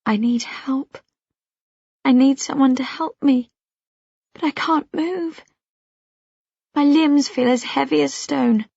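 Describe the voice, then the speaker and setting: A woman reading a first-person audiobook in a hushed voice that often drops to a whisper. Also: high voice, takes it slowly, gravelly, long pauses, no echo. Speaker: audiobook narrator. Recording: dull, dry lo-fi audio.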